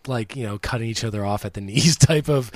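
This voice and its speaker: A man's voice: on the low side, quick pace, dry recording. Casual man in film chat, dry sound. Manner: animated, laughing retellings of scenes. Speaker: podcast co-host.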